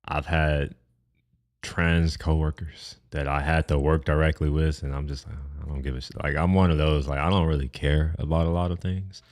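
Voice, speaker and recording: A man's voice: rumbling low, steady tone, moderate pace, a little mellow. A man from Texas, giving blunt, profane, rambling reaction commentary on clips.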